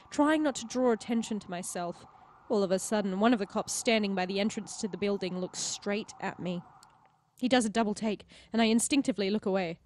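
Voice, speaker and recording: A woman reading a story game aloud as its narrator, expressive and with giggly asides. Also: mid-range voice, a little hiss or hum. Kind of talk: narrating a visual novel playthrough.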